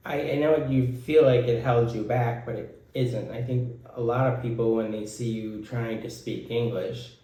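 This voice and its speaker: American man, mid-pitched, rambling, very echoey room. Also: steady tone, moderate pace, hardly any pauses, mellow. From United States. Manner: rambling, self-correcting, many fillers. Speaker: podcast co-host. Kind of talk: casual chat.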